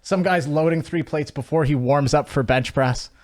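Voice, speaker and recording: A man's voice: on the high side, moderate pace. A man from Canada hosting a podcast in casual chat, rambling with lots of fillers and swearing freely. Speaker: podcast host.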